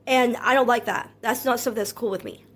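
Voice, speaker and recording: A woman's voice: on the high side, breathy edge. Earnest, anxious woman vlogger. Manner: earnest, hurt and anxious, repeats herself; calm and measured, not loud. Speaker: content creator. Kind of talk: personal vlog monologue.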